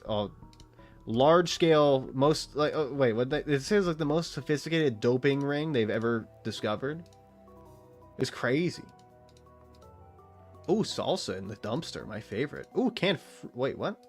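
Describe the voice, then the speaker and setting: A man in his late twenties, a streamer rambling and swearing through casual gaming chat. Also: mid-range voice. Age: late 20s. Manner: rambling, profane, animated storytelling.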